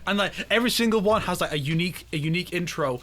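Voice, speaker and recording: A man with a bright, slightly high voice chats on a casual gaming podcast. He stammers and restarts his sentences often, laughing easily between thoughts. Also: very fast. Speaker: podcast co-host. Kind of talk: casual chat.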